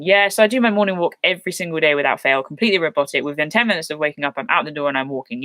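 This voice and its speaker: A woman's voice: deep voice, a bit bright, no echo. A young woman hosting a casual live stream, reading viewer questions and chatting with frequent laughs. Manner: chatty, self-deprecating, laughs often.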